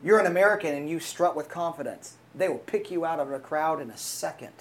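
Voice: mid-range voice, fairly quick. A preacher delivering a sermon, telling a story with frequent fillers and restarts and calling out to the congregation for responses.

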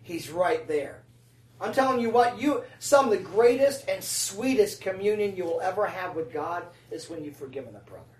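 An animated, slightly mellow voice of medium pitch carries this sermon at normal speed, with a little background noise present. The preacher talks casually, often asking the congregation "right?" and "amen?", recorded roomily on a distant mic.

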